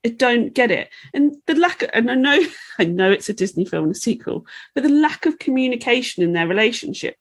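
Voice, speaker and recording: A woman rants through a casual podcast chat, swearing freely and breaking into mocking impressions. Her voice sits fairly high. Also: expressive, fairly quick, hardly any pauses. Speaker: podcast co-host.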